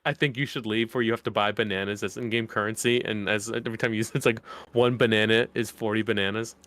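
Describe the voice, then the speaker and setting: A man co-hosting a casual gaming podcast, relaxed and quick to laugh. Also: fairly low pitch. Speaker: podcast co-host. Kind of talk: casual chat.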